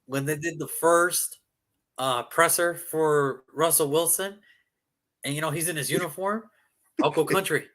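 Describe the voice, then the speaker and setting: A man co-hosting a sports talk show, joking in a casual, animated way and often acting out what people said. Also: fairly high pitch, normal speed. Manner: animated, joking, mock-quoting people, repetitive.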